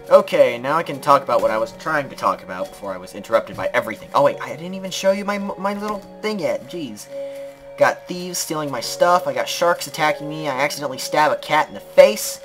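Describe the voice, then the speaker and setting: A young man hosting a let's-play video, chatting casually about his build and sometimes breaking into squeaky shouts at the game. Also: lively intonation, fairly quick, faint music behind. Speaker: gaming channel host.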